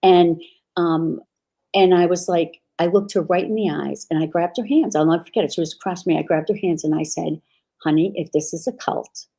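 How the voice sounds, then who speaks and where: A woman's voice: on the low side, fairly even intonation, fairly quick, gravelly, warm tone. A woman guest, an aunt, telling a personal story on a podcast in a candid, exasperated way. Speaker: guest, aunt of a former cult member.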